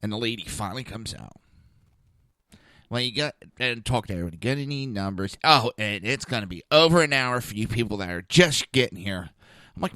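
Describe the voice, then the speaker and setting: A man's voice: fairly low pitch, fairly quick, dry recording, studio quality. A man hosting a podcast, telling an exasperated story and acting out the dialogue. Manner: animated, exasperated, acts out dialogue. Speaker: podcast host. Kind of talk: casual storytelling monologue.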